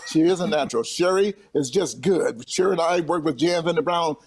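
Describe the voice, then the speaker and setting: A man's voice: a little high, brisk, darkish tone, husky. A man in podcast banter, emphatic and asking pointed questions.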